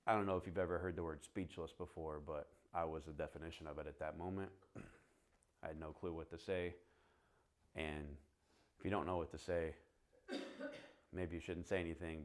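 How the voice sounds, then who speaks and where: Brief: male pastor, deep low voice, animated sermon storyteller who acts out dialogue.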